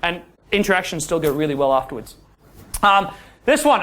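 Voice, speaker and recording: A man's voice: high-pitched, normal speed. A man, a dating coach giving a seminar talk to a class of men, who keeps checking in with his listeners. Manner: animated, acts out quoted dialogue, keeps checking in with "yeah?".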